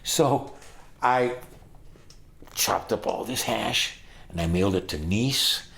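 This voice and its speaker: A man in his sixties telling stories about his travels in a casual, animated way, acting out the people he met and breaking into loud excitement. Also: fairly low pitch, slow pace, creaky. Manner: animated, acts out voices, bursts of loud excitement. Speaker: storyteller recalling his travels. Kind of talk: casual spoken storytelling.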